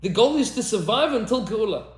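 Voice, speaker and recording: An emphatic man, a rabbi, holds forth in a podcast conversation with a pitch that swings up and down. His voice sits a touch high, and a roomy echo hangs around it. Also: expressive, brisk, slight background noise. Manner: emphatic, repeats lines for effect, mixes in Hebrew terms. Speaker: rabbi and teacher. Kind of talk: animated podcast discussion.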